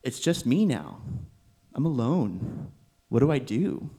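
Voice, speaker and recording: Weary prophet, pleading and exasperated, played by a preacher. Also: male voice, mid-range voice, sing-song, slow, dark tone, slightly rough, exaggerated voice. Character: Elijah, a weary, frightened male prophet.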